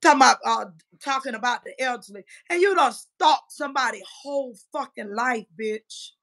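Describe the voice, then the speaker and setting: Woman, 50s, high voice, combative profane livestream ranter. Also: normal speed, fairly bright tone. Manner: profane, combative, trash-talking. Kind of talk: heated livestream rant.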